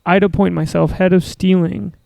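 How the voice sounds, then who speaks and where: A man's voice: high voice, steady tone, moderate pace, creaky, warm tone, no echo. A man hosting a casual podcast, chatty, reading viewer chat messages aloud. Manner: chatty, reads comments aloud with a lift. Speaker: podcast host.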